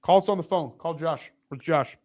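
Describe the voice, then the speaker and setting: A man's voice: on the high side, moderate pace. A man co-hosting a casual livestreamed podcast, rambling with frequent restarts and asides. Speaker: podcast co-host.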